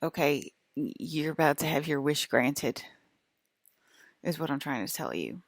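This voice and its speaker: A vlogger with a low, gravelly voice delivers a casual monologue straight to her viewers, rambling from thought to thought with constant "like" fillers. The sound is dry and close, with no room or echo around it.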